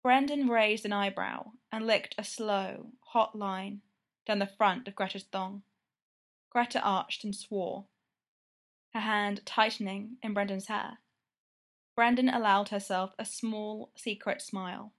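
Woman reading a romance story out loud, steady and intimate. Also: medium pitch. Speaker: narrator.

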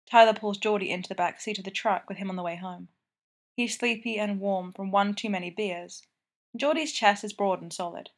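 A woman reading a story aloud in an even, intimate narrating manner. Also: mid-range voice. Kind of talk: scripted narration.

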